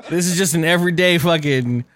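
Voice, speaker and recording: A man's voice: fairly high pitch, a little fast, fairly bright tone, slight background noise. A man co-hosting a casual podcast chat, swearing freely, laughing often and rambling. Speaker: podcast co-host.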